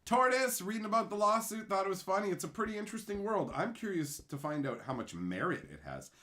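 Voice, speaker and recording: A man's voice: high-pitched, big pitch swings, quick pace, bright, forceful tone. A middle-aged man from Canada hosting a casual livestream, ranting with heavy profanity and mocking silly voices. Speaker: livestream host.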